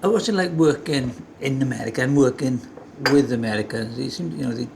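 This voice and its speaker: A man's voice: mid-range voice, brisk, vocal fry. A man hosting a casual interview, friendly and teasing as he prompts his guest with questions. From Wales. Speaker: interview host. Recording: noisy background.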